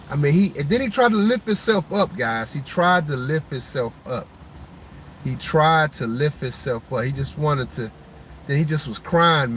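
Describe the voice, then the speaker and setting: A man's voice: fairly high pitch, fairly bright tone, slight background noise, poor audio. A man and host of his show telling his audience a heartfelt personal story, with many restarts.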